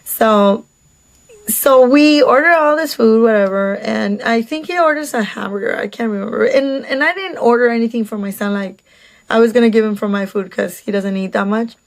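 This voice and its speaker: A woman's voice: fairly high pitch, moderate pace. A woman telling a casual storytime about a date, chatty and sarcastic, with lots of fillers and asides.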